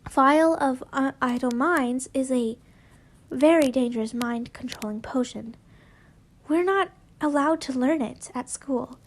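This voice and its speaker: A woman voicing a careful, earnest teenage schoolgirl who explains things in a soft, hushed tone. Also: high voice, a little slow.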